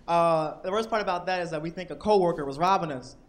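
A young man from Washington, D.C. performing stand-up comedy on stage, animated and acting out characters in shouted voices. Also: on the high side, quick pace. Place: comedy club stage with audience.

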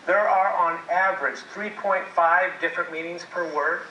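Bright-voiced man giving a jokey seminar. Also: high-pitched, fairly even intonation, moderate pace, muffled recording, a little hiss or hum. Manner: jokey storytelling, addresses audience. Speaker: marriage seminar speaker. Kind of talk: presenting a seminar talk. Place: classroom, video played on a TV. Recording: echoey video playback from far off.

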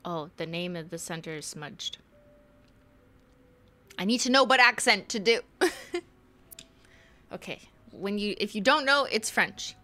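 Young woman streamer, bright and bouncy, jokey running commentary. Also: mid-range voice, animated, measured pace, long pauses. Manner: chatty, jokey, reads in-game text aloud. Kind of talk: casual live game commentary.

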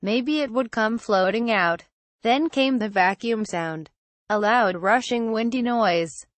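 A woman narrating a first-person horror story in a steady reading voice. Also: a little high, takes it slowly, no room sound.

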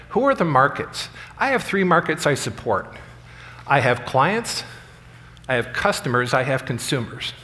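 A middle-aged man speaks from a conference stage and talks an audience through a workplace story in an earnest, plain way. His voice sits at an ordinary pitch for a man. A long reverb from the big hall trails behind each phrase. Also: fairly bright tone. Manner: earnest, story-driven, acts out quoted lines. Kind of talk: storytelling keynote speech.

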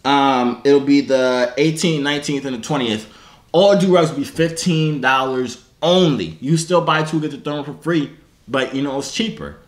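A man closing out his vlog in a casual, laid-back way, using relaxed slang as he plugs his merch. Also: medium pitch, normal speed, roomy sound. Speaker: vlogger. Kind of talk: casual outro plug.

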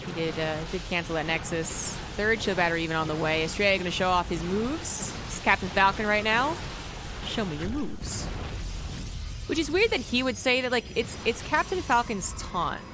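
A woman's voice: mid-range voice, fairly quick, hardly any pauses. An American woman giving casual live game commentary as a caster, rambling and correcting herself as she goes. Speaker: esports caster. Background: music.

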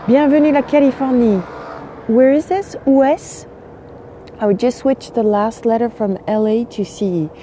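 A woman with a French accent chats casually on an early-morning outdoor phone livestream by the windy sea, welcoming viewers in both French and English. Her voice is a little high, warm, steady and a bit slow, still sleepy, with slight hiss or hum in the recording.

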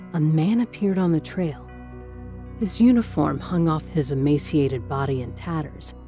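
A woman reading a spooky story as narrator, with a measured, dramatic manner. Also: low-pitched, darkish tone. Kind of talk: scripted ghost story narration. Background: faint music.

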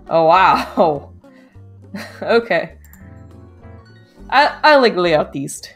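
A woman's voice: lowish voice, very animated, extremely slow, pauses often, faint music behind. Giggly woman streamer reacting. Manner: playful, giggly, reacting aloud. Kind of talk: let's play commentary.

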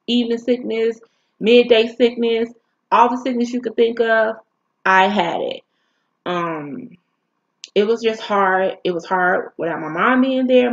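A woman vlogger telling a painful personal story in an emotional, halting, candid way. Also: medium pitch, muffled recording.

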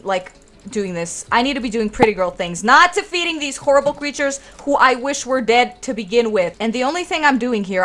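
A woman's voice: medium pitch, a bit bright. A woman in her twenties hosting a let's play, chatting casually with viewers in a dramatic, exclaiming way. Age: 20s. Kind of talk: casual gaming commentary.

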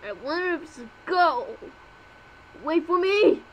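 A woman's voice: very high-pitched, animated, unhurried, lo-fi sound, slight background noise. A woman voicing all the characters of a homemade fan cartoon, with frantic yelps and exclamations.

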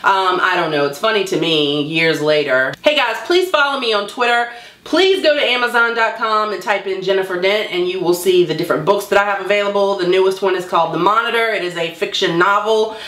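A woman's voice: medium pitch, fairly quick, a bit bright, roomy sound. A woman vlogger telling a personal story to camera in a candid, chatty and wry way.

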